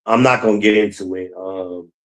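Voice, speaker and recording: A man's voice: low voice, fairly even intonation, moderate pace, low-quality recording. A man hosting his own podcast, talking casually and bluntly on his own, venting with profanity and repeating his points. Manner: rambling, repeats himself. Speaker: podcast host. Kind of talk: casual solo monologue.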